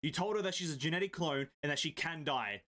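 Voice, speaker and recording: A man who makes gaming videos, casually reading a comic aloud. He is excitable, swears freely and mumbles through hard names. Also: a little high, fast talker.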